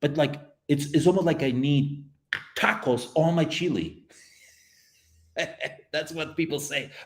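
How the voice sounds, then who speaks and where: A man's voice: a little high, measured pace. A man hosting a casual live stream while he paints, chatting with viewers in a playful, rambling, jokey way and talking straight to the chat. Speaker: livestream host painting community art.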